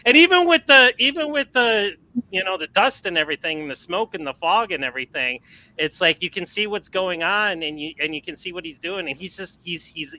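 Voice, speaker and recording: Bright, rambling man in casual chat. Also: on the high side, rough recording. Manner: rambling, animated, many fillers and restarts. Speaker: podcast guest. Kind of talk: casual movie discussion.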